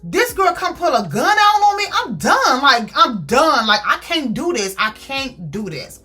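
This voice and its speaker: A woman's voice: high voice, very animated, a little slow, bright, forceful tone, faint music behind, voice pushed up, full character voice. A woman voicing a hurt, fed-up young woman who speaks in an exasperated, emphatic way.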